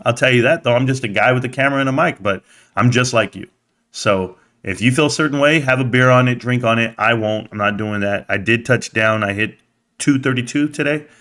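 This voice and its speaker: A man's voice: on the low side, fairly bright tone. A middle-aged man from the United States hosting a live stream, talking straight to his chat in a rambling, casual rant with frequent restarts.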